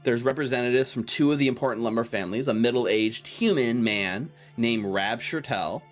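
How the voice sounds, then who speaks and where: A man's voice: mid-range voice, normal speed, faint music behind. A man narrating a tabletop game as game master, in a casual way full of "like" and fillers.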